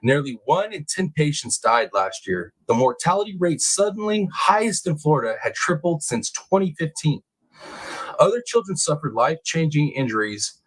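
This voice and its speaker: A man's voice: on the high side, big pitch swings, moderate pace, low-quality recording. A young man hosting a live stream, reading a news report aloud and breaking off for casual, slangy, emphatic asides to his chat. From California.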